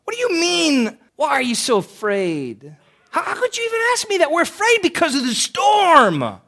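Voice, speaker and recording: A man voicing a panicking male disciple, ranting loudly and incredulously. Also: huge pitch swings, normal speed, vocal fry, full character voice. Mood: exasperated. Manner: loud, incredulous, high-pitched ranting.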